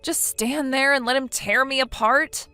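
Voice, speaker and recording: A whiny, naive young wife, voiced by a synthetic woman, hesitant and pleading as she makes excuses. Her voice sits a little high, and faint music runs under the text-message story. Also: measured pace, pushed and bright, smooth. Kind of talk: text-to-speech text story narration.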